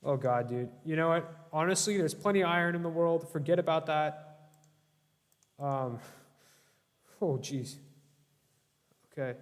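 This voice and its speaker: A man's voice: on the high side, a little slow, pauses often. A young man streaming a game, giving casual gameplay commentary, yelping in alarm and bantering with his chat. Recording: long reverb.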